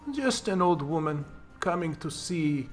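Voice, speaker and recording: A man's voice: fairly high pitch, lively intonation, faint music behind, pitched above the performer's own voice. A man doing a frail old fortune teller woman. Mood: gentle. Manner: gentle, slow and courteous.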